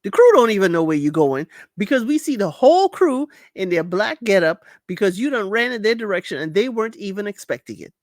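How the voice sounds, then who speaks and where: A woman's voice: medium pitch, big pitch swings, fairly quick, hardly any pauses, dry recording, studio quality. A woman host giving a casual, colloquial recap of a reality show, scolding the people on it directly. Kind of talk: casual commentary.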